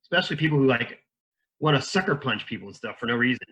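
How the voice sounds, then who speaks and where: A man's voice: medium pitch, quick pace. A man as a podcast guest, talking casually, joking and acting out little scenes. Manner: animated, jokey, acts out little scenes. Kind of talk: casual chat.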